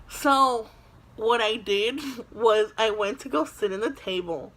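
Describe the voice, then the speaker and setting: A young woman vlogger with a slightly high, sharp-toned voice tells a storytime tale into her phone camera at home. She's dramatic and chatty, saying "like" constantly.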